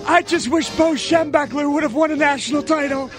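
A reedy, very high-pitched old codger grumbles that nothing in sports is as good as it used to be. He complains in a nostalgic, cranky drawl. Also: fairly quick, loud music behind the voice. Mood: grumbling. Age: older. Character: cranky old man longing for old-time sports. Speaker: radio show regular.

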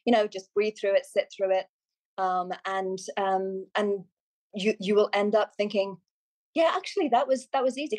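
A middle-aged Irish woman, chatting as a guest and giving media coaching tips. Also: medium pitch. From Ireland. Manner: animated, chatty, many restarts and quoted asides. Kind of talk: casual podcast chat.

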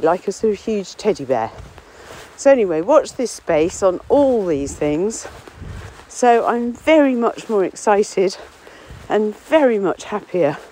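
A woman's voice: medium pitch, dark tone, rough recording. A woman, a local author, chatting rambly and self-deprecating while walking outdoors among trees on a windy common, slightly out of breath. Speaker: local author and podcast contributor. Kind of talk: casual spoken diary on a walk. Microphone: phone or portable recorder, no headphones.

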